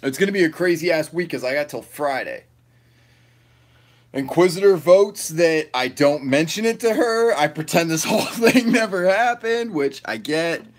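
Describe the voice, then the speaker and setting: A man's voice: a little high, lively intonation, moderate pace. A man hosting a casual livestream, reading chat aloud and rambling loosely, often swearing and laughing.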